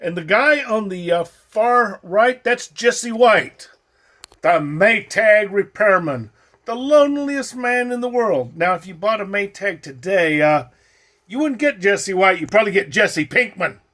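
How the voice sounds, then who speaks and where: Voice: medium pitch, expressive, measured pace, a bit bright. A person chatting casually while watching an old film, naming the actors on screen in a hesitant, musing way. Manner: hesitant, musing, often trailing off. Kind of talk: casual watch-along commentary. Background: faint film soundtrack.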